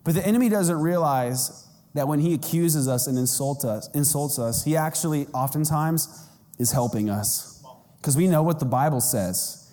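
Animated pastor man preaching in a reverberant hall. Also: moderate pace. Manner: animated and self-mocking, with big pitch jumps. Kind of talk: sermon. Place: church sanctuary.

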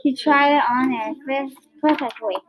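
A woman reading a picture book aloud, halting at times with restarts and repeats. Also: high-pitched, rough recording. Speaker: storyteller. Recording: crowd heard behind.

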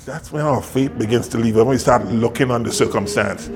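A man's voice: medium pitch, unhurried. A man, a pastor, telling a story in a sermon. He laughs often and acts out the people he quotes.

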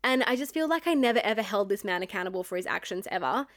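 A woman's voice: mid-range voice, expressive, fast. Chatty young woman telling a storytime. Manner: chatty, constant filler "like", frequent laughter. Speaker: storyteller recounting a past relationship. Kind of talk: casual storytime chat.

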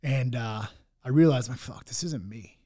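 A man's voice: mid-range voice, moderate pace, warm tone. A young man telling his own hard story in candid talk, blunt and full of swearing and restarts. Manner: raw, blunt, swears often, many restarts.

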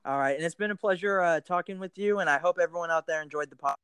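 A man with an American accent hosting a casual podcast interview, friendly and quick to laugh, with plenty of fillers. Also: a little high, a bit bright, clear, resonant tone, dry recording. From United States. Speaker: podcast host.

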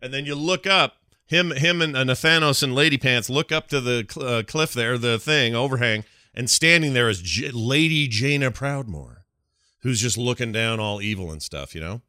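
A man's voice: medium pitch, normal speed, sharp tone, no echo, clean studio sound. A man hosting a casual podcast. He rambles through a recap, fumbles names and laughs often. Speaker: podcast host.

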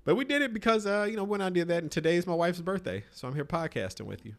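A man's voice: high-pitched, lively intonation, quick pace, vocal fry. A man co-hosting a podcast, chatting casually with crude, loose storytelling. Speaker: podcast co-host.

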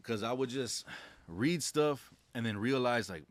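A man's voice: mid-range voice, animated, measured pace, no room sound. A young man speaking as a podcast guest, laid-back and reflective, telling stories in casual slang. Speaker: podcast guest, credit specialist. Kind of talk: casual conversation.

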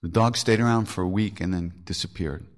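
A man's voice: deep voice, fairly quick. A man hosting a podcast, telling spiritual stories in a frank, earthy way, swearing and laughing at himself. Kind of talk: candid storytelling talk.

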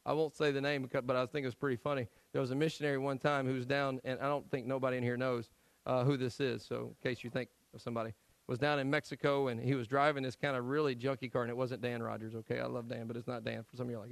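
A man preaches a sermon to his congregation, his mid-pitched voice dry and close to the mic. He tells stories with acted-out voices, climbing to loud emphasis and then dropping into quiet asides. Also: fast talker, dry recording, rough recording. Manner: animated storytelling, acts out quoted voices. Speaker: pastor. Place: church sanctuary.

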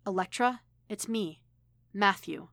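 A woman voicing an earnest, guarded male android who speaks softly, almost in a whisper. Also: mid-range voice, a little slow, vocal fry, dry recording, clean studio sound. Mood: hushed. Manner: hushed, near-whispered.

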